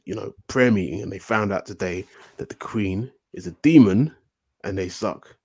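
A young man with a low, husky voice tells a rambling story as a podcast guest. He swears freely, drops slang and keeps restarting his sentences. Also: moderate pace, darkish tone, dry recording. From United Kingdom. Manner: rambling, profane, slangy, with many self-corrections. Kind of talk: casual storytelling.

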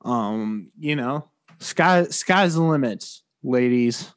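A man's voice: mid-range voice, animated, takes it slowly. A man co-hosting a podcast, chatting casually in a laid-back, agreeable way. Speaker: podcast co-host. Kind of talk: casual chat.

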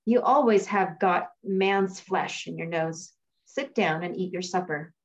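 A woman's voice: lowish voice, a little slow, lightly acted. A woman reading as the devil's shrewd old grandmother. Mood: scolding. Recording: dull lo-fi recording.

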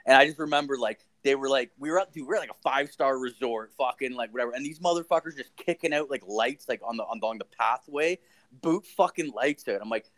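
A man's voice: medium pitch, fast talker. A young man from Ontario, Canada, hosting a podcast and telling a rambling story in casual chat, swearing constantly. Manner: profane, rambling, animated storyteller. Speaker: podcast host.

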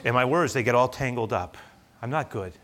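A man's voice: mid-range voice, lively intonation, fairly quick, fairly bright tone, slight background noise, close to an everyday voice. A man voicing Moses as a reluctant shepherd-prophet who stammers, repeats himself and pleads to be let off. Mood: self-doubting.

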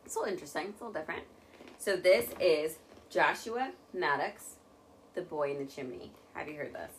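Young woman podcast co-host, lower voice, laughing chatty storyteller, faint background noise. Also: lively intonation, fairly quick. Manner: laughing, swearing, loose and chatty. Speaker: podcast co-host telling a true crime story. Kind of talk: casual chat.

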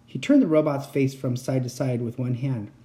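A man reading a children's book aloud as narrator, steady and expressive. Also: medium pitch, moderate pace. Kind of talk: storybook reading.

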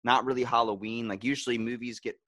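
A man co-hosting a podcast, chatting casually about a movie, excitable and swearing often as he acts out quotes. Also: mid-range voice, quick pace, no room sound. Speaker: podcast co-host.

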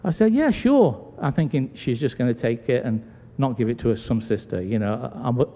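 A British pastor, speaking a little fast in a mid-range voice, preaches a sermon and plays out the voices of the figures in his story with animated flair. The setting is a church sanctuary, recorded with long hall reverb.

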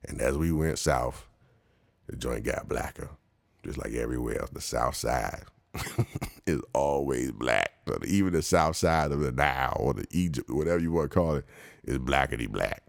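A man's voice: a bass voice, lively intonation, normal speed, gravelly, no echo. A man hosting a show, telling casual comic stories in a slangy, rambling way and laughing often.

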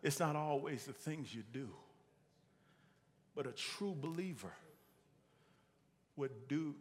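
A man's voice: a little high, slow pace, long pauses. A man preaching a sermon, emphatic and repeating his key lines for weight. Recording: long hall reverb.

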